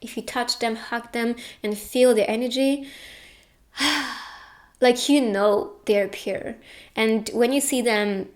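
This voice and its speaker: Woman, young adult, tarot reader, casual, earnest, tearful, somewhat high voice. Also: slow. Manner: emotional, tearful at times, earnest and reassuring. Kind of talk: casual pick-a-card tarot reading.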